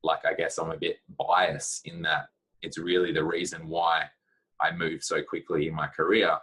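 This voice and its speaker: A man's voice: very deep voice, little pitch movement, moderate pace, bright, forceful tone, husky, low-quality recording. A man giving blunt, practical career advice in a casual talk to camera, with plenty of fillers.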